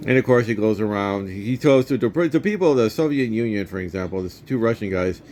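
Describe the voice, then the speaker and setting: A man's voice: fairly low pitch, expressive, a little fast, darkish tone, a little hiss or hum. A man in his fifties casually retelling and reviewing a movie for his vlog, rambling with many restarts.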